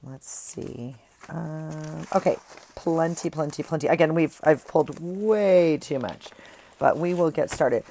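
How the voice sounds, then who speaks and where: A woman's voice: deep voice, unhurried, gravelly, warm tone, a little hiss or hum. A woman chatting casually to viewers at her craft desk, rambling and friendly, recorded on an earphone mic. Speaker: craft vlogger. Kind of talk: casual chat while crafting.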